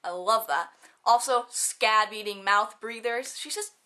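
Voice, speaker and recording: Bubbly, bright-voiced teenage girl vlogger. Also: a little high, a little slow. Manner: bubbly, giggly, lots of fillers and quoted asides. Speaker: student vlogger. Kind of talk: casual chatty vlog.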